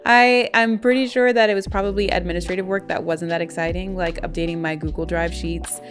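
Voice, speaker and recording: A woman's voice: on the low side, steady tone, brisk. A woman who is an actor narrates her week in a chatty, self-mocking way and laughs often. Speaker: actor and vlogger. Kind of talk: voice-over narration. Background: music.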